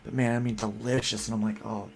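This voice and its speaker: A man hosting a casual chat, telling rambling, animated stories full of restarts. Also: on the low side, fast, gravelly, slight background noise. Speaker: podcast host.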